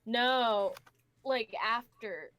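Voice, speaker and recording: A woman narrating as game master in a casual tabletop session, halting and relaxed with many fillers. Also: on the high side.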